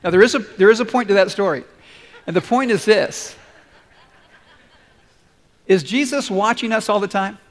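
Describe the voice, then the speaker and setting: A man's voice: sits high, normal speed, long pauses. A man pastor preaching a sermon in a large church, earnest and conversational, putting questions to the congregation. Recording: long hall reverb.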